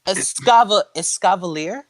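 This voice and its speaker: A man's voice: high voice, measured pace, no room sound, low-quality recording. A young man casually reading fanfiction aloud to friends, often stumbling over names and restarting lines. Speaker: fanfiction reader.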